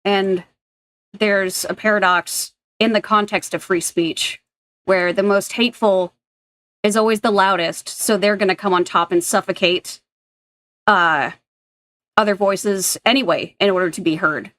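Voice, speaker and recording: A woman's voice: medium pitch, fairly even intonation, unhurried, fairly bright tone. Blunt swearing woman streamer. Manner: blunt, swears freely, rambling asides. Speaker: streamer reacting to clips. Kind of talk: casual reaction commentary.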